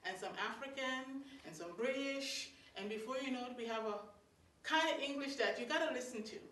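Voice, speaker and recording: A woman from Guyana with a Guyanese accent, telling stories to a live audience in a lively, chatty way, laughing between lines. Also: high-pitched. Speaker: storyteller. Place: meeting hall of a religious society. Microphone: distant room mic. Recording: echoey hall from far off.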